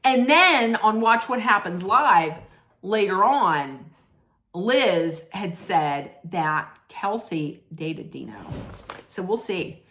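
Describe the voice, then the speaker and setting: A woman's voice: medium pitch, animated, slow, a bit bright. A woman giving a casual, blunt recap of a reality show, chatting, swearing freely and correcting herself as she goes.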